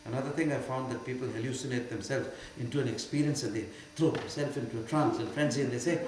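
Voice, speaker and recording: A man's voice: mid-range voice, steady tone, fast, hardly any pauses. Older Indian man teaching in an echoey hall. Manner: emphatic, swings from quiet to loud and mocking. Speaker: spiritual teacher. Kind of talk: spiritual Q&A talk. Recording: very echoey hall with faint hum.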